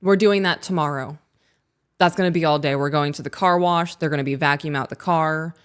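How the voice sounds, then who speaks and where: A woman co-hosting a podcast, chatting casually and telling family stories in an animated way. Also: sits low, fairly quick, smooth. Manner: chatty storyteller, animated retelling. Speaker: podcast co-host. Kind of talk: casual chat.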